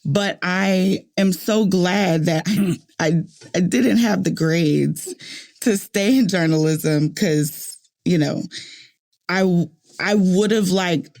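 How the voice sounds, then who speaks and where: A woman from New Orleans hosting a podcast, telling stories in animated casual chat and repeating phrases for emphasis. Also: lowish voice, slow pace. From New Orleans, USA. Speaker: podcast host.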